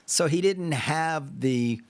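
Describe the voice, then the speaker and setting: A man's voice: on the high side, takes it slowly, dry recording. A man hosting a podcast, talking through a debate in casual discussion, thinking aloud and acting out imagined exchanges. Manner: animated, acts out imagined dialogues; digressive, thinks aloud with fillers. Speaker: podcast host.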